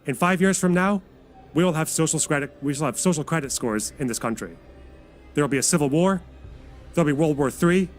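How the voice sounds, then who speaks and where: A man's voice: on the high side, pitched above the performer's own voice, close to an everyday voice. A man putting on a parody of an indignant, doom-preaching political pundit who trips over his own talking points.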